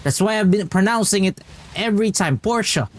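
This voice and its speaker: A man with a high, expressive voice streams a game at normal speed over slight background noise. In casual live-stream chat, he rambles and explains at length, restarting often.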